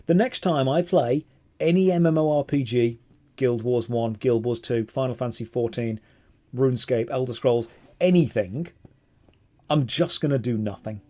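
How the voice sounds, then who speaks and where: A man streaming a game, chatting casually with viewers in an animated, self-mocking way. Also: mid-range voice, moderate pace. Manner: animated, self-mocking, jumps between chat and gameplay. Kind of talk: casual live-stream chat while gaming.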